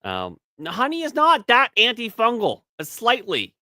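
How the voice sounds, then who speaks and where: A man's voice: extremely high pitch, huge pitch swings, normal speed, pushed and bright, no echo, clean studio sound. A man in his thirties co-hosting a podcast in casual banter, rambling and profane, often restarting his words. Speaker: podcast co-host.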